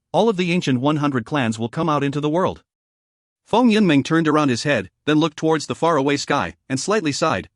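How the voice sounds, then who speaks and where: A man narrating a fantasy audiobook in a steady storytelling way, recorded on a close mic in a studio. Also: on the high side, no echo.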